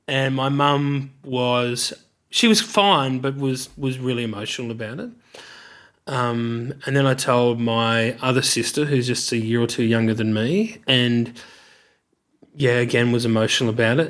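A man's voice: medium pitch, a bit bright. A middle-aged man with an Australian accent, candidly telling his life story in an interview, reflective and searching for words.

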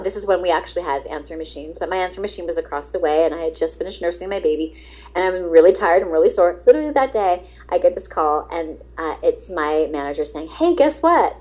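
A middle-aged woman, a guest actress, telling lively anecdotes in an interview and acting out the dialogue. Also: on the low side, fast talker, poor audio. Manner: lively, acts out quoted dialogue, laughs often.

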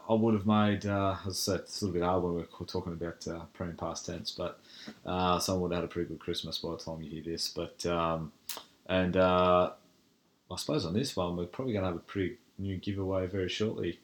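A man's voice: low-pitched, steady tone, fairly quick. An Australian man hosting a podcast, chatting casually and calling his guest mate. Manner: laid-back, says mate a lot. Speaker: podcast host.

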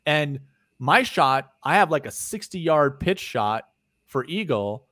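A man co-hosting a podcast, telling a story in casual chat, animated and swearing freely, often trailing off quietly at the ends of phrases. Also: on the high side, slow, no room sound, clean studio sound. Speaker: podcast co-host.

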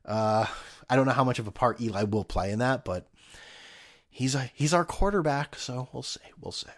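A man's voice: medium pitch, normal speed. A man hosting a casual solo podcast, rambling and sarcastic with plenty of profanity. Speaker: podcast host.

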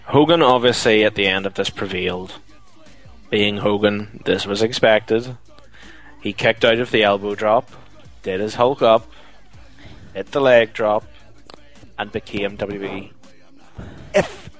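A man's voice: lowish voice, a little slow, long pauses, faint music behind, rough recording. A man co-hosting a casual podcast, telling stories with lots of fillers. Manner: chatty, steady storytelling with many fillers. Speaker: podcast co-host. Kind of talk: casual chat.

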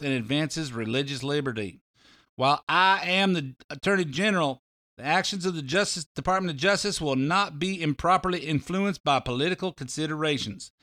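Man impersonating an older Southern official, Southern US accent, slow drawl, formal statement, somewhat higher than his own voice. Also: sharp tone, no echo, studio quality.

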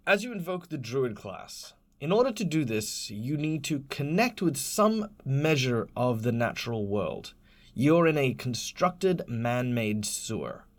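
Man, game master, tabletop narration, descriptive, laughs often, mid pitch. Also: big pitch swings. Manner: descriptive, laughs often, slows for dramatic beats.

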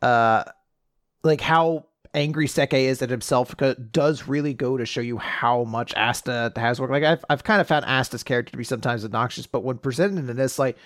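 A man's voice: medium pitch, moderate pace, no room sound, clean studio sound. A young man co-hosting a casual podcast, animatedly retelling a manga chapter and swearing casually. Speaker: podcast co-host.

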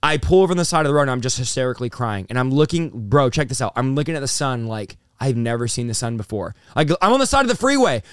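This pastor and preacher, a man in his thirties, excitedly and quickly recounts his story in a casual interview, leaning heavily on "dude" and "bro." The studio-quality recording has no room sound, and his medium-pitched voice has a clean tone.

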